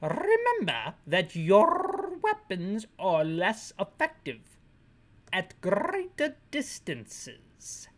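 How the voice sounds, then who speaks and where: A woman voicing a stiff, by-the-book male HQ radio operator, reading each line slowly and over-enunciated. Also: on the low side, big pitch swings, breathy edge. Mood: stiff, formal. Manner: slow, over-enunciated reading of game text.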